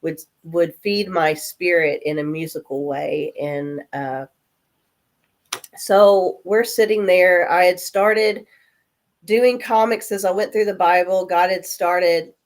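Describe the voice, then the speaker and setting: A woman in her forties, coming down with a cold, telling animated stories in a casual chat and acting out the voices of people in them. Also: on the low side, slow. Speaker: guest. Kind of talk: casual storytelling.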